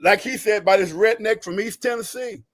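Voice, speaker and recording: Animated, folksy older man. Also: high-pitched, normal speed. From Texas. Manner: animated, folksy, says "you know" and "right?" often. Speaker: retired Army veteran, podcast guest. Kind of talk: storytelling in a podcast interview.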